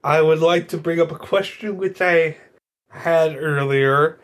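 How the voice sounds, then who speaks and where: A man's voice: on the high side, unhurried. A man chatting casually as a player, making jokes. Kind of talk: casual podcast chat.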